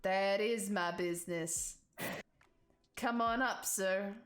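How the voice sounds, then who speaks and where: A woman voicing Jeff, an unbothered male saloon bartender in a tabletop game, with a slow, indifferent drawl. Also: mid-range voice, soft background music, natural voice.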